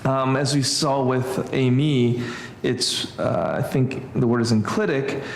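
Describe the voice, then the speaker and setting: A man leads an informal Greek lesson at a church and thinks out loud, circling back with fillers and restarts. His voice sits in the middle of the range, with some room echo. A faint ambient hum runs behind him. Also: mid-range voice, takes it slowly, gravelly. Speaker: Greek class teacher. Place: church classroom.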